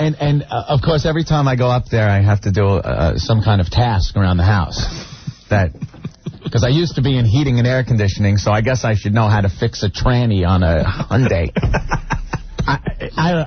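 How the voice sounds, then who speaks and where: A man's voice: lowish voice, expressive, moderate pace, a little hiss or hum. A man co-hosting a radio show, telling comic stories in an exasperated, laughing way. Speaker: radio co-host. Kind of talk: radio banter, comic storytelling. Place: radio studio. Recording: slightly muffled radio broadcast recording.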